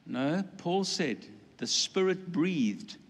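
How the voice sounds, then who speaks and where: Animated preacher man in a reverberant hall. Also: high-pitched, takes it slowly. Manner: animated, acts out quoted voices, playful asides. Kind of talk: sermon.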